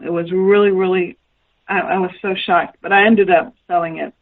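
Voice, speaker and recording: A woman's voice: on the low side, fairly even intonation, normal speed, phone-quality sound. A woman guest author telling anecdotes in a radio interview and acting out the dialogue she quotes. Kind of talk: storytelling interview.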